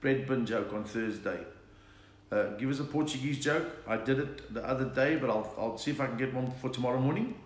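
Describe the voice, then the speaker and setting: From home under lockdown, this South African comedian streams live, swapping jokes and chat and responding to viewer requests. He talks fairly quickly in a mid-range voice, with room echo and faint background noise.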